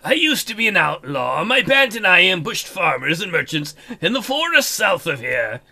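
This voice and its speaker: Man reading a soft, slow, pleading thrall; high, bright voice. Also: big pitch swings, gravelly, heavily acted. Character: humble male thrall, former outlaw, pleading.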